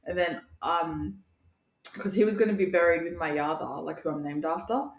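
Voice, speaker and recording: A woman in her thirties from Australia, co-hosting a podcast in casual chat, telling lively stories, swearing and laughing often. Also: on the low side, normal speed. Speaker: podcast co-host. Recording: echoey room.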